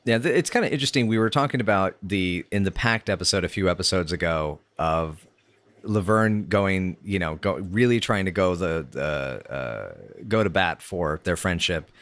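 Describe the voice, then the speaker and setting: He's a podcast co-host with a low-pitched, animated voice and a fairly bright tone, speaking at moderate pace. In casual talk about a sitcom episode, he rambles and keeps using fillers and restarting.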